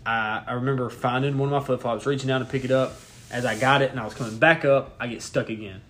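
The recording carries a little hiss or hum as a young co-host speaks quickly in a mid-range, fairly bright voice with fairly even intonation. Laughing as he goes, he tells a meandering, foul-mouthed story in relaxed podcast chat.

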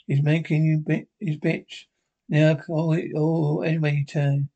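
An older man with a Scottish accent, acting in a sitcom and trading gruff, salty, teasing banter. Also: on the high side, flat delivery, unhurried, warm tone, lo-fi sound. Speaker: sitcom actor. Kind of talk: sitcom dialogue.

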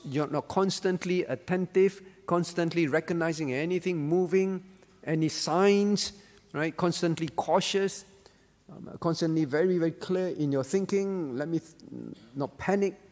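A pastor leads an interactive Bible lesson, pausing often to ask questions, calling on listeners by name and repeating key words. His voice sits fairly high for a man, and a long reverb suggests a large hall.

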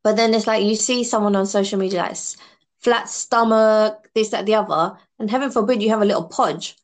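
A woman's voice: medium pitch, a little fast. A woman chatting casually as a podcast guest, eating snacks while she talks. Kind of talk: casual chat.

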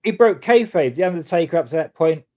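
A man's voice: on the high side, expressive, quick pace, narrow, tinny audio. A man in casual podcast chat, speaking emphatically.

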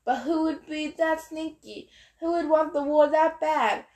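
A woman's voice: high-pitched, unhurried, darkish tone, pitched above the performer's own voice. A woman voicing a nervous young satyr. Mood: bewildered. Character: anxious young satyr boy.

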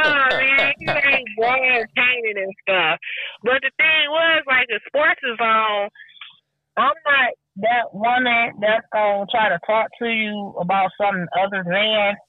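A woman chatting casually and telling animated stories, acting out the people she quotes and swearing freely. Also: a little high, a little slow, no room sound. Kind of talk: casual chat. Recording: tinny phone-like sound, dry.

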